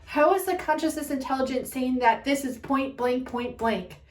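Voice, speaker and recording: Woman ranting thru a spiritual reading, swears a lot, kinda high voice, sounds far off in an echoey room. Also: normal speed, few pauses. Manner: heated, swearing, rambling. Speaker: spiritual reader.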